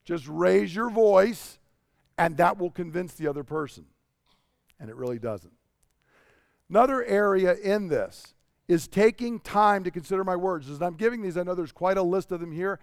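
A man's voice: high-pitched, moderate pace, no echo, clean studio sound. A man giving a sermon in a conversational storytelling way, asking the congregation rhetorical questions. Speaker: pastor.

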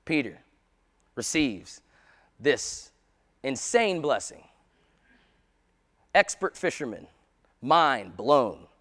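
A man preaching a sermon as pastor, impassioned, building from quiet talk to loud preaching. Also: mid-range voice, very animated, extremely slow, long pauses, big-room sound.

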